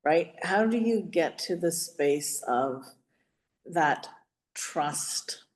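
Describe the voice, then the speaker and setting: Low-voiced woman host. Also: animated, drawn-out words. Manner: affirming, searching for words while asking. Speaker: podcast host. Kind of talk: casual interview talk.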